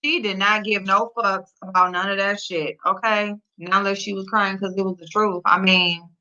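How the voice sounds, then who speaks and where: A woman hosting a casual livestream, reading the chat aloud and talking back at it and at her dog with loud laughs. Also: medium pitch, steady tone, normal speed. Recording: dull lo-fi sound.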